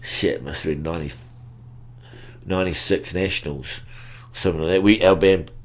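Laid-back deep-voiced Kiwi man. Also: fairly even intonation, moderate pace, slight background noise. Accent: New Zealand. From New Zealand. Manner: laid-back, swears freely, lots of fillers. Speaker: guest musician. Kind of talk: casual storytelling chat.

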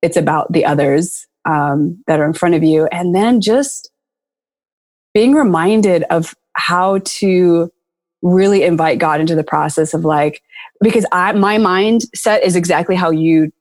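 A woman's voice: on the low side, measured pace, a little mellow. A woman hosting a faith podcast, talking casually and emotionally with many fillers. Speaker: podcast host.

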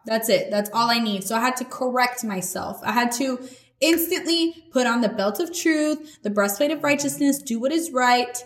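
A woman's voice: a little high, expressive, normal speed. A woman hosting a podcast, giving a casual, earnest faith talk in a conversational, slangy way. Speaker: podcast host. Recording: echoey room.

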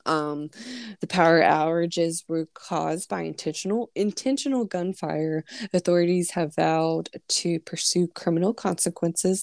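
Brief: woman podcast co-host, low mellow voice, chatty and loose, dry close sound. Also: gravelly, no room sound. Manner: chatty, summarizing news with fillers. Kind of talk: casual podcast chat.

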